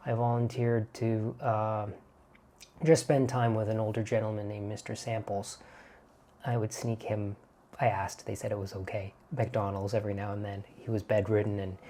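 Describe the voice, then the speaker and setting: A man from Canada telling a personal story in a gentle, thoughtful way as a vlogger speaking to camera. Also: mid-range voice, slight background noise. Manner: gentle, thoughtful, softly fond.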